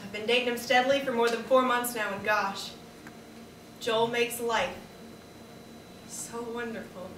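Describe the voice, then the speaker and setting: A woman's voice: a little high, fairly even intonation, fairly bright tone, a little hiss or hum. Woman giving a reflective stage monologue. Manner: reflective, diary-like, measured. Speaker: performer of a dramatic monologue. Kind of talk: staged first-person dramatic monologue. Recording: echoey room, distant camera mic.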